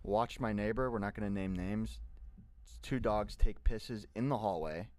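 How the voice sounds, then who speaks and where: A man's voice: on the low side, unhurried, a little mellow, no room sound. A man co-hosting a podcast, chatting casually with dry, understated reactions. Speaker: podcast co-host.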